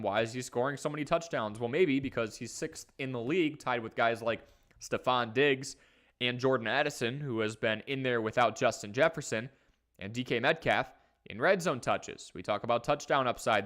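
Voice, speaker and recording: Upbeat man hosting a sports livestream. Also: medium pitch. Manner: energetic, conversational, talks fast in bursts. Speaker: fantasy football livestream host. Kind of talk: casual live analysis, reading chat.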